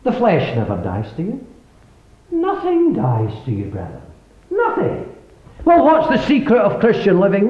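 A man preaching a sermon, emphatically questioning the congregation, with sudden swings in loudness. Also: on the high side. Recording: echoey, dull lo-fi recording.

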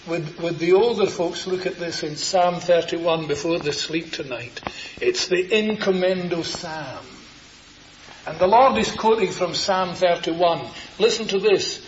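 An older man preaching a sermon, tender and earnest, repeating his phrases and moving between soft words and raised ones. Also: high voice, unhurried. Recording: muffled lo-fi sermon recording with faint hiss.

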